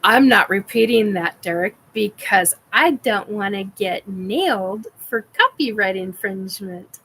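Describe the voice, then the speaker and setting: A woman's voice: medium pitch, animated, a little slow, fairly bright tone, a little hiss or hum, low-quality recording. A middle-aged woman hosting a casual live-stream chat, rambling with many fillers and restarts while she answers viewers.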